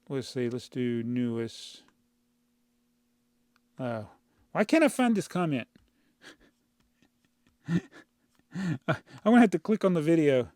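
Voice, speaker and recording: A man's voice: mid-range voice, a little mellow, no room sound. A man hosting a channel, answering viewer comments in a rambling, exasperated way that often breaks into laughs, speaking into a clip-on mic in a home studio. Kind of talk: casual chat. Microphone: clip-on mic inside a brick-built housing.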